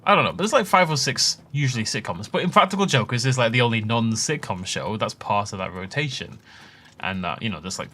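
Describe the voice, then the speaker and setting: A man's voice: mid-range voice, animated, a little fast, pushed and bright. A young adult man hosting a let's play, chatting casually and rambling off on tangents while he plays. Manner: chatty, rambling asides with laughs. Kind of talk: casual gameplay commentary.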